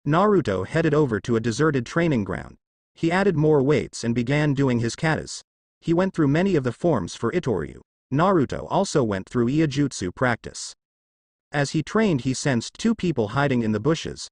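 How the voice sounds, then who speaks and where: A man narrates a fan story in a steady storytelling way, his voice at a middle pitch that moves up and down a great deal. The sound is close and dry, with no room around it. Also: moderate pace, no echo. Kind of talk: reading a fan story aloud.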